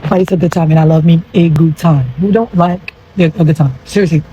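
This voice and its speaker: A man with a high, mellow voice talks excitedly to his camera and keeps urging his viewers to come along. Faint street noise and passing traffic sit behind him. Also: brisk, low-quality recording. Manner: excited, urging, repetitive hype. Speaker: vlogger. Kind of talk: casual selfie video.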